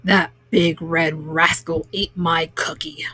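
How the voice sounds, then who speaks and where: Woman reading as a proud baker man, gruff and very low, dry close sound. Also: little pitch movement, slow, pushed and bright, dry recording, full character voice. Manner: deep gruff put-on voice. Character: proud adult male cookie baker.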